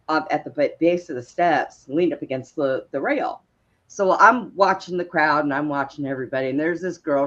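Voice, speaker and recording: Laughing woman telling stories, lo-fi. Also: low voice. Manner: laughs often, animated retelling. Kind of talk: casual storytelling. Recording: dull lo-fi sound.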